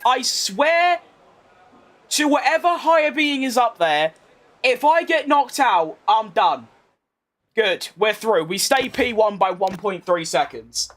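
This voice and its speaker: A man's voice: extremely high pitch, lively intonation, slow pace, fairly bright tone. A young man from London, with a London accent tinged with posh, chatting as he streams a racing game, answering chat with rambling asides. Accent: London English with a posh tinge. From England. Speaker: gaming streamer. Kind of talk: live racing game commentary.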